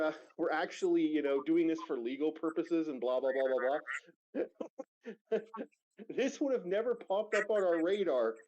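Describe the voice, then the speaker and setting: A man's voice: on the high side, darkish tone. A man on a livestream, casually retelling a wild story with profanity, rambling asides and laughter. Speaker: streamer co-host. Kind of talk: casual stream chat retelling a news story. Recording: lo-fi muffled stream audio.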